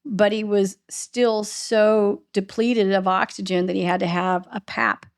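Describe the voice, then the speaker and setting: A middle-aged woman, a podcast host being interviewed, recounting a painful family loss in a halting, emotional way. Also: mid-range voice, level tone, creaky. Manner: halting, restarts and voice breaking with emotion. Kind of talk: emotional personal storytelling in an interview.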